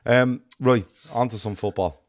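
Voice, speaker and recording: A man co-hosting a casual podcast chat, rambling with many pauses and restarts. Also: medium pitch, steady tone, no echo. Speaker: podcast co-host.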